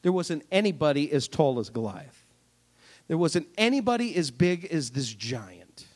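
A man preacher delivering a sermon, retelling a Bible story with animated, jokey storytelling. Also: a little high, measured pace.

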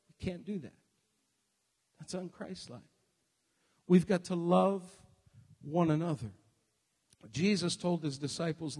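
High-voiced preacher in a reverberant church. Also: male voice, measured pace, pauses often, breathy edge. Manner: swings from quiet musing to shouted exhortation. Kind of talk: sermon.

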